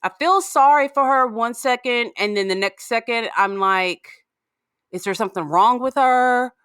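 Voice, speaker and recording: Co-host, woman, higher pitched, stammering and unsure, casual chat. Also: moderate pace, a bit bright, smooth, dry recording, clean studio sound. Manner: hesitant, restarts, torn and unsure. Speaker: podcast co-host.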